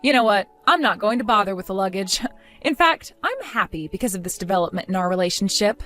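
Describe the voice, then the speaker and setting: A woman voicing a fed-up young wife who answers her mother-in-law with mocking sarcasm, in an animated story drama. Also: medium pitch, fairly quick, faint music behind, natural voice. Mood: sarcastic.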